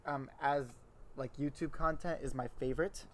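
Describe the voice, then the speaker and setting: A man's voice: mid-range voice, fairly even intonation, normal speed, slight background noise. A young man co-hosting a podcast, talking in a laid-back, chatty way and often trailing off. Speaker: podcast co-host. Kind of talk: casual chat.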